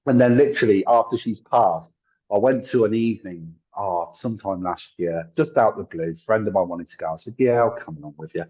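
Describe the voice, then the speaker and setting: A husky man with a lowish, mellow voice tells stories as an interview guest; he is a tarot reader and psychic medium. Chatty and quick to laugh, he acts out quoted voices, and the recording has a dull lo-fi sound.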